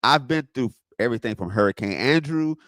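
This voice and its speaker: Livestreaming from Southwest Florida, this American man tells lively stories and answers his chat in a casual way. He speaks fairly quickly in a mid-range voice, captured in a dry, studio-quality recording.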